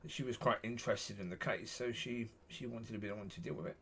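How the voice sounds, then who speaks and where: A man vlogs casually, exasperated and plain-spoken, going around in circles and repeating himself. His voice is fairly low and fairly bright, he talks quickly, and there's a slight hiss or hum in the background.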